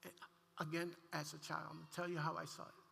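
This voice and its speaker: High, gravelly preacher man in a reverberant hall. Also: fast, slight background noise. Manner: heartfelt, animated storytelling with frequent restarts. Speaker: pastor. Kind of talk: sermon storytelling. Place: church sanctuary. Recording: long church hall reverb.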